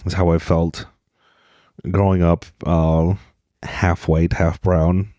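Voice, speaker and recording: A man's voice: sits low, level tone, slow, mellow, no room sound, studio quality. A man from Utah hosting a solo comedy podcast, rambling and joking at his own expense. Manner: rambling, self-deprecating, jokey. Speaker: podcast host.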